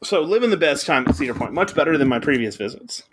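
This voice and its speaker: A man's voice: fairly high pitch, big pitch swings, quick pace, background noise. A young adult man co-hosting a podcast, telling a rambling anecdote full of fillers and casual swearing. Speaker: podcast co-host. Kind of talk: casual chat.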